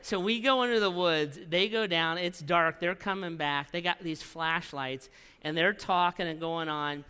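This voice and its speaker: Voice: mid-range voice, a little slow, pushed and bright, clean tone, big-room sound. A pastor preaching a sermon, telling a story with repeated phrases and frequent "right?" tags.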